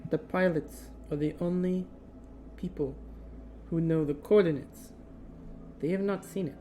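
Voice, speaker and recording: Calm, mellow-voiced tabletop player. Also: medium pitch, unhurried, slight background noise. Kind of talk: tabletop role-play in character.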